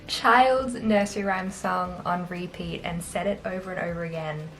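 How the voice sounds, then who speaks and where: Woman, Australian accent, young adult, casual chatty vlog, self-deprecating, slightly low pitch. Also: steady tone, normal speed, a bit bright, soft background music. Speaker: vlogger. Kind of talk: casual chat to camera.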